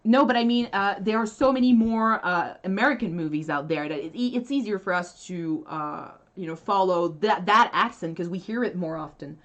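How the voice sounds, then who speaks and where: A woman's voice: mid-range voice, normal speed, hardly any pauses, dull audio. Chatty Quebec French woman. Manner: chatty, laughs often, restarts sentences. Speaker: co-host. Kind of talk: casual live-stream chat.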